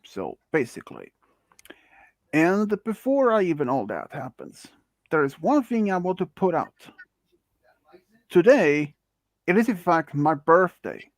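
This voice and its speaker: Man from Sweden, streamer host, chatty, fairly high voice, dry sound. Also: huge pitch swings, a little slow, long pauses, no room sound. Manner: chatty, many fillers, asks guests questions. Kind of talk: casual stream chat.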